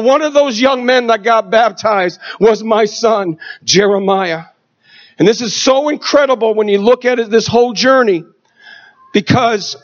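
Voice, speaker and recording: A middle-aged man preaching a testimony sermon, swinging from shouted exhortation to hushed storytelling. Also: high-pitched, dull audio.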